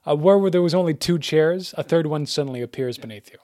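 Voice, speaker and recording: A man's voice: a little high, quick pace, a little mellow. A man narrating as game master for a tabletop game, describing actions in an easygoing, plain way.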